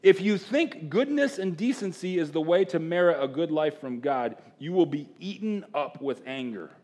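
Guy preaching to a room full of men, gets loud then drops to a hush, does little voices for the people in the story. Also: a little high, moderate pace. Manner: animated, jumping between loud exclamations and hushed asides; acts out quoted characters in voices. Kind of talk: sermon. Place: room with a live audience of men.

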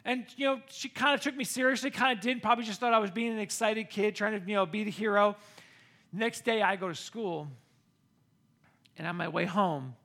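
A middle-aged American man preaching a sermon, telling a personal story with animated, excited bursts. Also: extremely high pitch. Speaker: pastor.

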